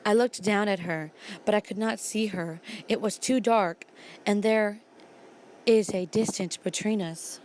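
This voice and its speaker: A woman's voice: mid-range voice, measured pace, darkish tone. A young woman vlogger telling spooky stories while she does her makeup, talking in a casual, blunt way and swearing now and then.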